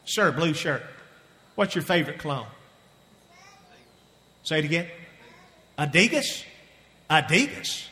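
A male pastor tells a Bible story to the congregation and keeps asking them questions. His voice is high and sharply bright. A long hall reverb trails after every line. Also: big pitch swings, unhurried, long pauses. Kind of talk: sermon. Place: church sanctuary with balcony.

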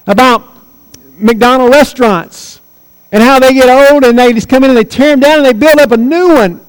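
A man's voice: extremely high pitch, long reverb tail, low-quality recording. A man in his forties preaching a sermon as pastor, earnest and emphatic, repeating key phrases. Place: church sanctuary.

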